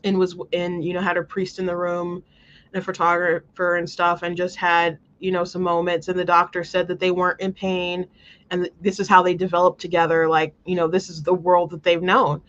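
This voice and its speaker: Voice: medium pitch, completely flat delivery, a little fast, a bit bright. Earnest rambling host, dull lo-fi sound. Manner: rambling, many restarts, earnest and emotional. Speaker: commentary show host. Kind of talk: casual commentary monologue.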